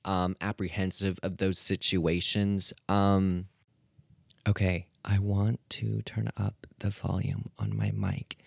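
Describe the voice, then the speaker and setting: Male solo podcaster, casual rambling chat, lowish voice, dry close mic. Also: little pitch movement, takes it slowly, creaky, no room sound. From Canada. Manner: rambling and self-deprecating, many ums and restarts. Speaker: podcast host.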